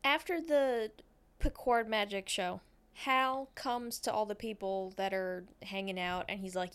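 A woman's voice: mid-range voice, a little slow, fairly bright tone, clean tone. A woman co-hosting a podcast in casual chat, retelling a film's plot in a slangy, profane, rambling way with frequent self-corrections. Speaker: podcast co-host recapping a film.

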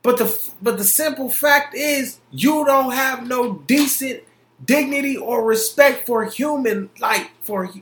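A young man hosts his own podcast in a heated, profane rant. His voice sits high and sounds bright and forceful. The recording carries a roomy echo. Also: takes it slowly. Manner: heated, profane, emphatic, repeats himself. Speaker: podcast host. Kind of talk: solo opinion podcast rant.

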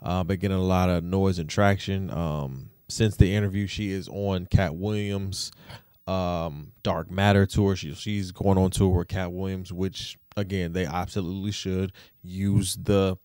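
A man's voice: low-pitched, a little slow, smooth, no echo, studio quality. A man hosting a casual opinion podcast, talking. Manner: relaxed and conversational, with many fillers and repeats. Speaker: podcast host.

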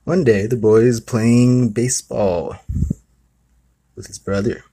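A man's voice: mid-range voice, fairly even intonation, slow, warm tone, a little hiss or hum. A man hosting his own talk, telling a made-up story in a rambling, conversational way full of asides. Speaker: host. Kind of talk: casual storytelling monologue.

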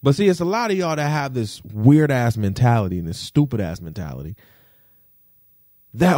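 A man's voice: very animated, normal speed, dark tone, dry recording. Young guy venting at the camera, pissed off, cussing, voice bouncing all over, dry close sound. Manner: indignant, profane, repetitive rant with big pitch swings. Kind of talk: ranting vlog to camera.

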